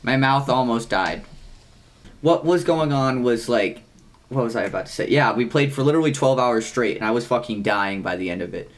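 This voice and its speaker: A young man at an ordinary middle pitch co-hosts a casual podcast. He rambles through a story, swears freely and fills every gap with "like." His voice jumps upward in animated bursts. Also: moderate pace. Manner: rambling, heavy use of "like", frequent swearing. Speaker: podcast co-host.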